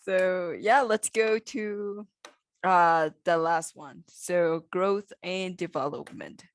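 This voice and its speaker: A woman's voice: fairly low pitch, steady tone, slow pace. A woman co-hosting a business podcast in a casual, hesitant way, often trailing into fillers. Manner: hesitant, many fillers and restarts. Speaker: podcast co-host.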